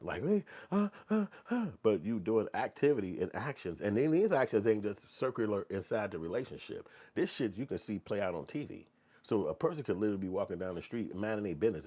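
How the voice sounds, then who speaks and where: A man rants bluntly on his commentary show. His voice is low and husky, and he keeps slipping into exaggerated mocking voices to make his point. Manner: blunt, animated, swings into mocking quoted voices. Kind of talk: profane ranting commentary.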